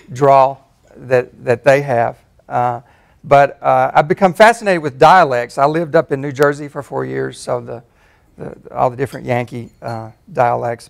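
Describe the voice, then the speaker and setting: A man in his fifties from Tennessee with a Southern accent, giving a relaxed, self-deprecating personal talk as a faculty speaker. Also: mid-range voice, vocal fry. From Tennessee, USA. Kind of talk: personal talk at a campus forum.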